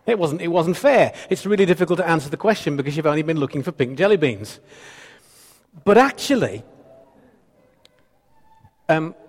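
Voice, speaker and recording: A man in his fifties preaching a sermon, his fairly high voice carrying a long reverb through a church hall. He teases the congregation playfully and drives points home by repeating phrases. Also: big pitch swings, moderate pace, pauses often. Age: 50s. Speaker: pastor.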